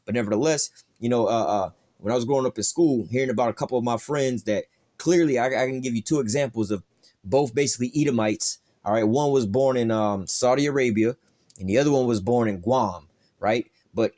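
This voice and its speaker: A man's voice: mid-range voice, fairly quick, a little mellow. Guy breaking down bible verses, casual and cussing, lots of "all right" and "you know". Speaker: Bible teacher. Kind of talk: informal scripture teaching.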